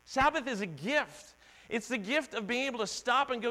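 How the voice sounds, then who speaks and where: A man's voice: extremely high pitch, sing-song, normal speed, pushed and bright. A middle-aged male pastor preaching a conversational, earnest sermon in a church. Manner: conversational, earnest, acts out quoted voices. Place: church sanctuary. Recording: long hall reverb with mains hum.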